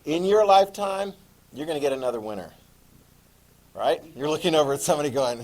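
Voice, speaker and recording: A man teaching a classroom lecture, chatty and animated, often checking in with his students. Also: a little high, fast, rough recording.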